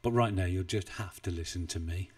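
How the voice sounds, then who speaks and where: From a home desk in the UK, a man with a low voice talks a little fast on a trading live stream, sounding distant through a poorly placed desk mic. He chats casually, rambling and poking fun at himself, chuckling often.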